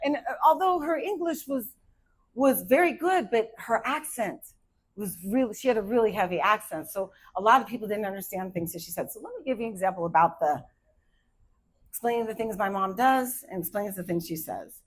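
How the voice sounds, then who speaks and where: A woman in her fifties from Arizona performing a stand-up comedy set, hyper and animated as she tells stories. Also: mid-range voice, fairly quick, slightly rough, low-quality recording. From Arizona, USA. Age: 50s.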